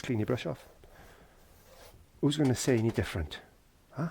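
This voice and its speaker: The man, from Wales, has a mid-range voice with a breathy edge and speaks animatedly at a moderate pace. He teaches painting informally in a garden shed, chatting, joking and talking to himself throughout.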